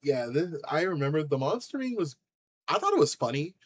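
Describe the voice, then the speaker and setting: A man's voice: on the high side, very animated, a little fast, slightly rough, rough recording. A man hosting a reaction commentary channel, talking bluntly and indignantly with lots of fillers.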